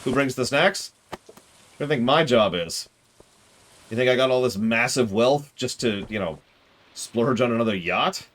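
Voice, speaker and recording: A man's voice: mid-range voice, measured pace, pauses often. A man streaming a game, chatting casually and joking with his viewers. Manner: chatty, jokey, animated.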